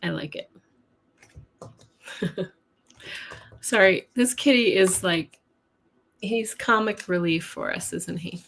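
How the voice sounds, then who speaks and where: A woman's voice: fairly low pitch, slow, pauses often, fairly bright tone, slight background noise. A woman reads weekly tarot on a live stream from her home. Her talk is chatty and friendly, broken up by frequent laughs. She turns to greet viewers by name as the reading goes along. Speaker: tarot reader. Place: home with a cat nearby.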